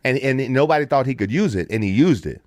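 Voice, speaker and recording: Middle-aged American man, podcast storyteller, very expressive pitch, dry close mic. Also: fast, dry recording. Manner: animated storyteller, puts on voices for quotes, swears freely. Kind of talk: casual storytelling.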